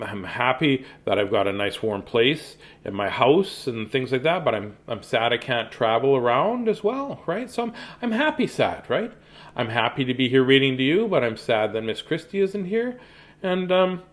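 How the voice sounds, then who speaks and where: Chatty man reading stories to kids. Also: medium pitch. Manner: chatty, warm toward children, repeats words often. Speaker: children's entertainer reading aloud. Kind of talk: casual chat and storybook reading to kids. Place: at home.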